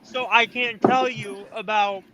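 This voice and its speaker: A man with a very high voice chats eagerly on a sports podcast. He stumbles and repeats words while explaining, and there is clear background noise. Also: steady tone, a little slow. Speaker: podcast co-host. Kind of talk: casual chat. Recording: noisy room.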